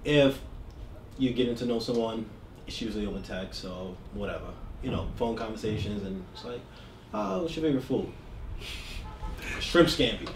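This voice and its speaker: A man's voice: on the low side, animated, normal speed, pauses often. A man co-hosting a casual podcast chat, telling stories with a laugh and acting out the quotes. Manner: storytelling, laughs often, acts out quotes. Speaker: podcast co-host. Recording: echoey room, distant mic, faint noise.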